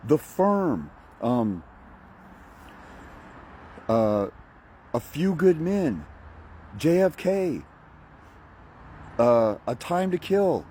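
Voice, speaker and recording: A man's voice: mid-range voice, sing-song, normal speed, warm tone, slightly rough. A man ranting bluntly and profanely to camera as a fathers' rights advocate, mocking and preachy. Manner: preachy, uses film analogies. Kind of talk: motivational rant to camera.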